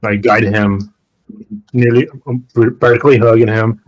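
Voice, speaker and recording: A man's voice: fairly low pitch, fairly even intonation, poor audio. A man playing a tabletop game, hesitantly describing his character's actions. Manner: hesitant, halting. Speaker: player.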